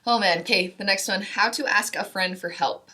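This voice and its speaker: A woman's voice: medium pitch, normal speed, bright, forceful tone. A young woman co-hosting a podcast, a mother of young children talking reflectively and supportively in a casual chat. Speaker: podcast co-host.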